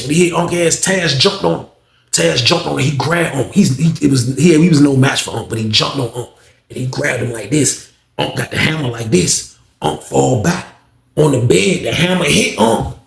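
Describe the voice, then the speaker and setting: A man's voice: a little high, expressive, normal speed, gravelly. A man telling a story in a loose, slangy way, cursing a lot and checking in with the listener. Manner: loose, slangy, heavy cursing, frequent "you know what I mean". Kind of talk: casual storytime monologue. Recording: roomy echo.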